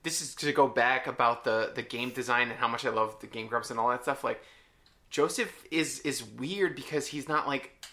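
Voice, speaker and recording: A man's voice: mid-range voice, moderate pace, pushed and bright. A man co-hosting a podcast, chatting casually and giving short agreeing replies. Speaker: podcast co-host. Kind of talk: casual chat about a video game.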